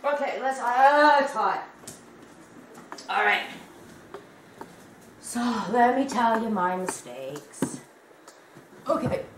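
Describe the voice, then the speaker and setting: Canadian lady rambling to her viewers, bit high pitched, roomy echo. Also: animated, slow pace, pauses often, a little hiss or hum. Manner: chatty and rambling, addresses viewers as guys. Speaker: crochet vlogger. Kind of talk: casual chat to camera. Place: at home in a warm room.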